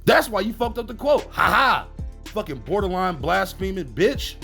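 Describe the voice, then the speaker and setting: A man's voice: big pitch swings, normal speed, creaky, soft background music. A man giving sarcastic, profane ranting commentary, mocking and theatrical. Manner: mocking, profane, theatrical swings in pitch and loudness. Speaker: commentary host.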